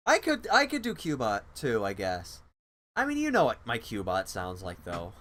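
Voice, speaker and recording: A man's voice: on the low side, wildly swooping pitch, normal speed, a bit bright. A man hosting a livestream, chatting casually in a rambling, self-deprecating, flustered way. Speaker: livestream host. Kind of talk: casual chat.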